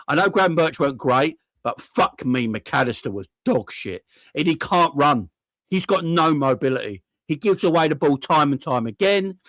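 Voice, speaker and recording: Angry young fan host, high and very animated voice, sweary rant, dry close sound. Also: male voice, no room sound. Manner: furious, sweary, repeats himself, asks rhetorical questions. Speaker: football fan channel host.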